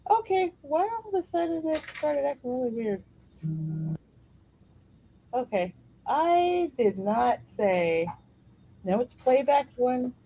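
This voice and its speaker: A woman hosting a casual podcast, reacting to videos in an animated way and laughing often. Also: slow pace, long pauses, slight background noise, poor audio. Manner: animated, laughs often, high bursts when excited. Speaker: podcast host.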